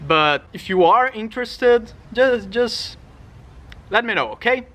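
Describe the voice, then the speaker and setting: A man with a non-native English accent talks through a casual channel update, rambling and restarting his sentences. His voice is high and bright with a forceful edge. It is recorded on a studio condenser mic with a faint hum of noise underneath. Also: expressive, a little slow. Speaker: singer and YouTuber.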